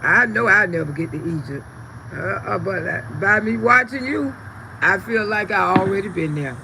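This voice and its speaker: This woman speaks at medium pitch and normal speed with vocal fry, against a noisy background. Hosting a casual outdoor livestream beneath a tree, she reads comments aloud, laughs often, and animatedly calls viewers "sugar" and "baby."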